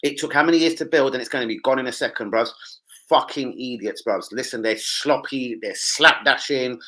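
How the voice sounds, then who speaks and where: A young man, hosting a football live stream and chatting with his viewers in an animated, slangy and sweary way. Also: medium pitch, a little fast, low-quality recording. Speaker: football livestream host. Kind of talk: casual live-stream chat.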